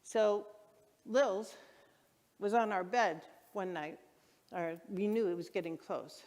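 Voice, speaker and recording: A woman minister preaching a sermon, telling stories with enthusiasm and lively shouts. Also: mid-range voice, takes it slowly, big-room sound. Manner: enthusiastic storytelling, acts out her own excited shouts. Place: church hall. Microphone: handheld microphone.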